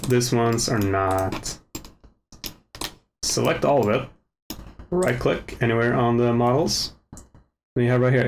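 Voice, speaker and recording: A man hosting a casual software tutorial, talking to himself as he works, joking at his own slips, on a desk microphone with the gain set too high. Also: slight background noise. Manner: relaxed, self-mocking, mutters to himself while working. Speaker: tutorial host. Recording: overdriven mic with faint keyboard clicks.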